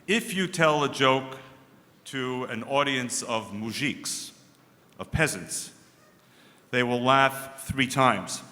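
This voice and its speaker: A male guest speaker at a synagogue service begins his formal address with a joke, delivered with dry, deliberate restraint. Pitched in the middle range, his voice sounds bright and forced, and the big sanctuary lends the audio a long, echoing reverb.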